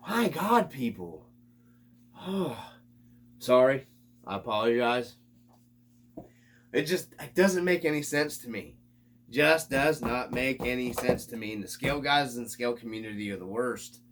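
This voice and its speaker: A man's voice: mid-range voice, moderate pace, a bit bright, a little hiss or hum. A man hosting his own hobby vlog, ranting in an exasperated, casual way and swearing freely. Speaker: RC hobby channel host.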